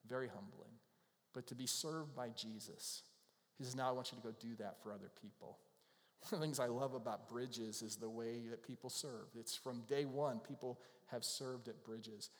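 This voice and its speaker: A man preaching a sermon as a pastor, animated and acting out quotes with little laughs. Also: mid-range voice, in a large hall. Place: church.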